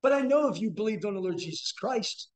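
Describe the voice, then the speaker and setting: A man preaching a sermon as a guest speaker, building to emphatic, shouted bursts. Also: sits high, expressive, a little fast. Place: church sanctuary. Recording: echoey church room.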